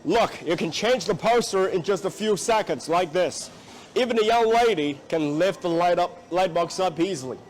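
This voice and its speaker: A man selling light boxes in a cheery, folksy sales pitch, using a put-on American country accent blended with other accents, recorded on a factory floor. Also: normal speed. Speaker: light box company spokesperson.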